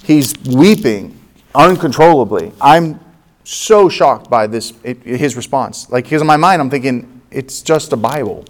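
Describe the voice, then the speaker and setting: Animated pastor telling a story. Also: male voice, mid-range voice, measured pace. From United States. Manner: animated, laughs at his own story, acts out dialogue. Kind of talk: sermon storytelling.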